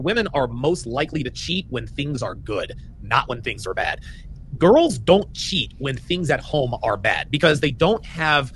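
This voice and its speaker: A man's voice: a little high, a bit bright, a little hiss or hum, low-quality recording. A man hosting a podcast, giving emphatic dating advice and often repeating his phrases. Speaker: podcast host.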